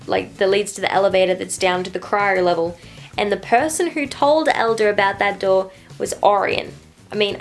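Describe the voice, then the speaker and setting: A woman vlogging a casual reading update soon after waking, chatty and rambling with lots of fillers. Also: mid-range voice. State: just woken up. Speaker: book vlogger.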